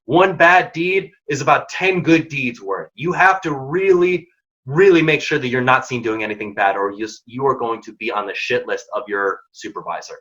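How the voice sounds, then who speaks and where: A man's voice: medium pitch, moderate pace, a bit bright. A young man hosting a workshop, giving direct, emphatic career advice in casual words. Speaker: workshop host and mentoring program founder. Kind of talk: instructive talk with career tips. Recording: dull lo-fi audio.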